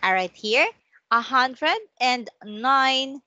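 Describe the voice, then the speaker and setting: Her voice sits high, bright and forceful, animated in delivery, and the lo-fi recording has no room sound. She's a woman giving a private online English lesson by video call, speaking slowly, encouraging the student, and modelling words to repeat.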